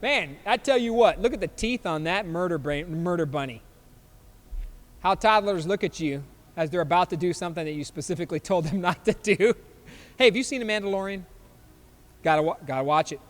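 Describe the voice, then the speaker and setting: A man's voice: high voice, lively intonation, brisk, long reverb tail. A man in his fifties hosting a podcast, reacting to memes in a loose, joking way and laughing often. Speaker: podcast host. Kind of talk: casual chat reacting to memes.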